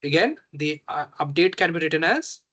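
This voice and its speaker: A man teaching a reinforcement learning tutorial, slow and halting, often pausing to check that students follow. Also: on the high side, animated, sharp tone. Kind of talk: online math tutorial.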